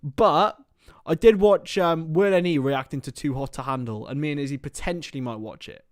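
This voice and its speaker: A young man hosts a casual football watchalong stream, joking around and chatting with viewers as lads. He speaks at a moderate pace in a fairly high voice, recorded cleanly in a studio setting with no room sound.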